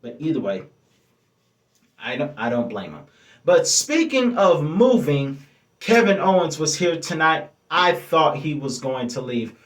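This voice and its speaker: A man's voice: a little high, sing-song, measured pace. Man, casual reviewer, enthusiastic, self-correcting, roomy echo. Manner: chatty, enthusiastic, stops to correct himself. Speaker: wrestling show reviewer. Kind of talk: casual review talking to viewers. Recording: echoey room.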